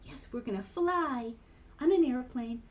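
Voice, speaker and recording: A woman's voice: high-pitched, unhurried. A woman cantor leading a playful children's program over a video call, animatedly guiding kids through movements.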